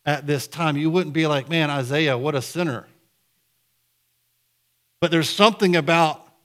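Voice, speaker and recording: A man preaching a conversational sermon to a church congregation, lively, with sudden loud bursts. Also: fairly high pitch. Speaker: pastor. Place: church sanctuary.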